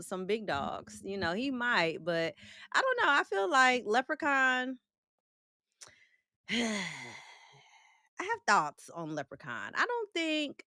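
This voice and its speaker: A woman's voice: a little high, bright, forceful tone, no room sound, clean studio sound. A woman hosting a casual livestream, greeting and answering her chat in a playful, joking way with frequent laughs and slang. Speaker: livestream host reading chat.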